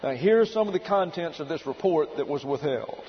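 A man preaching a sermon, teaching in a deliberate, emphatic way and reading out excerpts. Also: a little high, expressive, in a large hall. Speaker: pastor. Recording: dull lo-fi recording with faint hiss.

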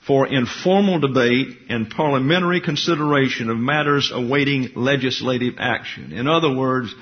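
A man's voice: mid-range voice, dull audio. A man giving a history lecture, reading passages and adding conversational, opinionated asides. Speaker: teacher.

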